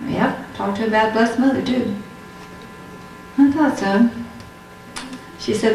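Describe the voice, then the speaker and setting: A woman's voice: fairly high pitch, recorded from a distance, slight background noise. A woman giving a religious testimony talk, telling her story and acting out the dialogue. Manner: storytelling, acts out quoted dialogue. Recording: echoey hall, heard from afar.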